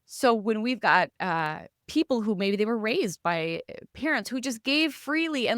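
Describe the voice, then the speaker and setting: A woman's voice: a little high, lively intonation, moderate pace, few pauses, fairly bright tone, no room sound, clean studio sound. A woman hosting a casual podcast discussion, reflective and searching for words as she poses questions. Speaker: podcast host.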